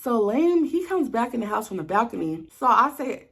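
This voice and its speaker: A woman's voice: on the high side, fairly quick, hardly any pauses, slightly rough. A young woman vlogger telling a personal story in a casual, blunt way, talking straight to her viewers. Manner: animated, blunt, addresses viewers directly.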